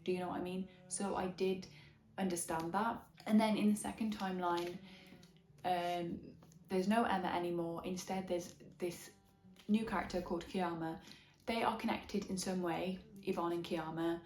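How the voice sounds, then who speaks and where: This young book vlogger from Wales talks through a casual review with frank enthusiasm, in a Welsh accent with a hint of English Midlands. She speaks at normal speed in a lowish voice with fairly even intonation, recorded in an echoey room with gentle background music.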